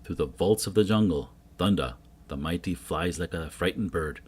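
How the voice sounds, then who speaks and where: A man reading a jungle adventure comic aloud, voicing every character himself and getting loud on the shouted lines. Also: low voice, normal speed, breathy edge. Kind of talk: dramatic comic book reading.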